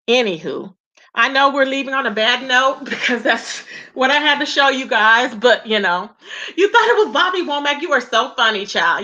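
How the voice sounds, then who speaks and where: A YouTube commentator with a high, bright voice chats directly to her viewers in a loose gossip vlog, circling back over her points and repeatedly calling them "child" and "y'all." The audio sounds dull.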